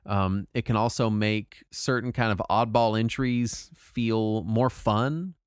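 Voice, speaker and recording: A man's voice: lowish voice, steady tone, slow, smooth, dry recording, studio quality. A man co-hosting a casual podcast, talking animatedly and emphatically, often restarting his sentences and swearing for emphasis. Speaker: podcast co-host.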